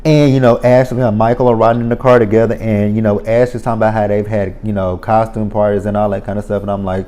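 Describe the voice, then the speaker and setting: A man's voice: lowish voice, flat delivery, fast talker, few pauses, warm tone. A man giving a casual spoken recap of a reality show, blunt and profane, ranting with exasperation.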